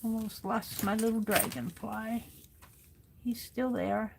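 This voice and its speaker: A woman's voice: on the high side, steady tone, takes it slowly, vocal fry, noisy background. A woman hosting a casual crafting livestream, talking herself through each step as she works and reading viewers' comments aloud.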